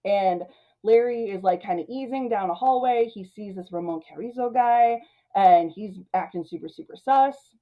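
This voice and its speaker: A woman's voice: medium pitch, normal speed, phone-quality sound. Chatty woman recapping a movie. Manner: chatty, laughs often, many "like" and "you know". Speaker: movie review host.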